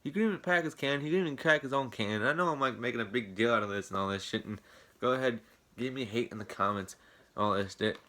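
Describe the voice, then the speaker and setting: A man's voice: mid-range voice, fast talker, pushed and bright. A young man telling a storytime tale to camera, rambling and indignant, swearing often. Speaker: vlogger. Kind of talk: casual storytime rant.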